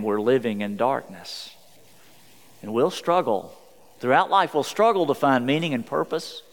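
A male pastor delivers an earnest sermon at a mid pitch. He slows down for quoted scripture, and his voice rings with a long reverb, as if from a large church hall.

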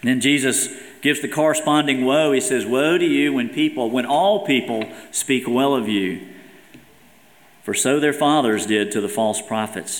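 Man preaching in an echoey hall. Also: medium pitch. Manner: earnest preaching, reads scripture quotes aloud with emphasis. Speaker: pastor. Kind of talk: sermon. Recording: echoey hall with long reverb.

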